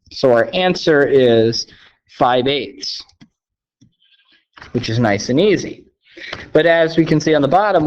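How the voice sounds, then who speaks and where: A man with a fairly high voice walks through a recorded math lesson in an upbeat, playfully sarcastic way, checking in with "okay?" again and again. The sound is dull and lo-fi, like a computer mic. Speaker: math teacher.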